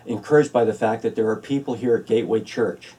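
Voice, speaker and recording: A man's voice: on the low side, quick pace, warm tone, breathy edge, recorded from a distance. A man preaching a sermon as pastor, telling a story earnestly with some ums and uhs, filmed for an online church video.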